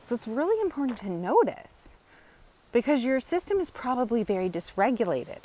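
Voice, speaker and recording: A woman's voice: a little high, big pitch swings, normal speed, mellow, low-quality recording. A woman educator explaining in a casual, earnest teaching monologue, often repeating phrases and checking in with "right?". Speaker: wellness educator.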